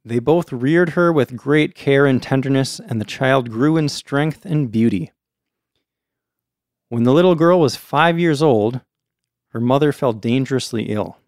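A man reads an old folktale aloud in a casual podcast manner, stepping out of the text now and then for friendly asides. His voice is smooth and resonant at a middle pitch, recorded close and dry. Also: unhurried, darkish tone, no echo. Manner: reads steadily, breaks off for chatty asides. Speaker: storyteller host.

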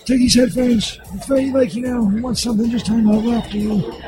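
A man puts on a crude, lazy stoner intern with a very high, squeaky voice. He rambles, mocks and curses without a care, with music clearly playing behind him. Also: fairly even intonation, a little fast. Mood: careless.

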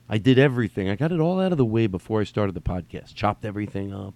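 A man's voice: fairly low pitch, fast talker, few pauses, darkish tone, no room sound. A man hosting a solo podcast from home, rambling and swearing, often restarting his sentences. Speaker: podcast host. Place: at home during quarantine.

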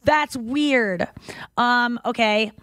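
A woman's voice: a little high, very slow, fairly bright tone, no echo. A woman hosting a podcast in casual chat, swearing freely and acting out the people in her stories. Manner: swears freely, tells stories with acted-out quotes. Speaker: podcast host. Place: makeshift home studio.

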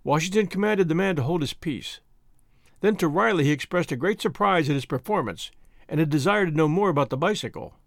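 A man's voice: on the high side, no echo, studio quality. A man narrating a period story in scripted audiobook style, voicing each character as he goes.

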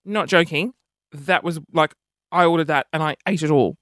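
A man's voice: fairly high pitch, normal speed, a bit bright, no echo, clean studio sound. Rambling self-mocking Australian man. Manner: rambling, self-mocking, jumps between topics. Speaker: vlogger. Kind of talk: casual monologue to camera.

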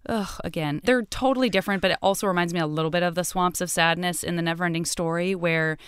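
A woman's voice: fairly low pitch, quick pace, clear, resonant tone, no room sound. A woman co-hosting a podcast in casual chat, heartfelt and easily moved. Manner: heartfelt, emotional. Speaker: podcast co-host.

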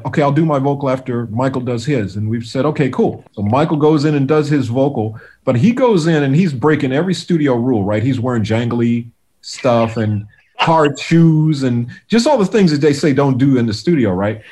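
A man, a guest music producer, telling stories in a relaxed interview, animated and full of restarts. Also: medium pitch, husky. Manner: animated storyteller, many restarts, acts out quotes.

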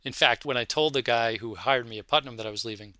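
A man, a fund manager, speaking from his office in an interview, telling his career story in an animated way and acting out the voices in his anecdotes. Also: medium pitch, fast, dry recording. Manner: animated anecdotal storyteller, acts out quoted dialogue.

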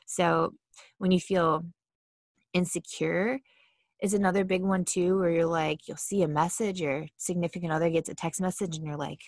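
A woman giving a casual mindfulness talk, chatty and quick to act out inner thoughts in little voices. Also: fairly low pitch, fairly even intonation, no room sound, clean studio sound. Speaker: mindfulness speaker.

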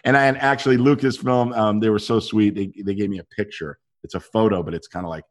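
Very deep-voiced man telling lively stories. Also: fast. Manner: animated anecdotes with acted-out quotes. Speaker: actor guest. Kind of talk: casual interview storytelling.

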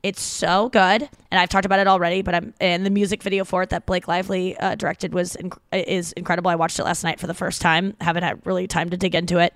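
A woman's voice: on the low side, little pitch movement, quick pace, few pauses, dry recording. Chatty woman podcast host, dry sound. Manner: chatty, rambling, gushing. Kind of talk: casual podcast chat.

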